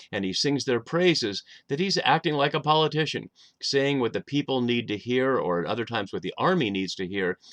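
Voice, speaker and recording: A man's voice: on the low side, fairly bright tone, no echo. A man lecturing on a Bible passage, thoughtful and explanatory, with frequent fillers. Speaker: Bible teacher. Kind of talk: lecture on scripture.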